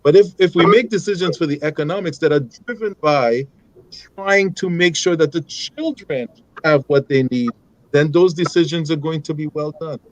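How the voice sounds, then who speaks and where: A man speaking as a guest on a talk show, measured and emphatic as he gives advice. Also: a little high, no echo, poor audio. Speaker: guest father. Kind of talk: panel discussion advice.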